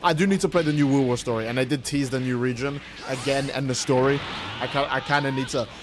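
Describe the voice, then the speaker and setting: A man's voice: mid-range voice, steady tone, fast, background noise. A man livestreaming a game, chatting casually and playfully with his viewers in a rambling way. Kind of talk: casual livestream chat while gaming.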